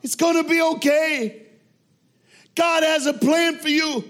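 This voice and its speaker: A man voicing an overjoyed, forgiving grieving widower who talks in a high, loud, fervent way. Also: big pitch swings, normal speed, heavily acted. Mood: fervent blessing.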